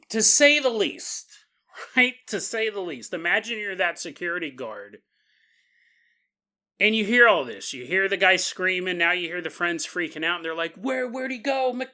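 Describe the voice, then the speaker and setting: A man with a fairly high, bright voice narrates a paranormal tale as a podcast host. He talks casually and with energy, chuckling and throwing in asides to the listener. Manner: animated, chuckling, conversational asides.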